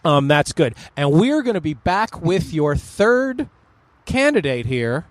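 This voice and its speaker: A man hosting a podcast, chatting in a joking, animated way. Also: fairly high pitch, slow, no echo. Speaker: podcast host. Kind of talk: casual chat.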